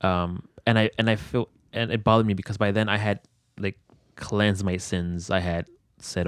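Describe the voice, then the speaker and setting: A man's voice: fairly low pitch, fairly even intonation, moderate pace, hardly any pauses, no echo, studio quality. A young man telling a personal story in an interview. He rambles, leans on fillers and swears freely. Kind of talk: candid conversational storytelling.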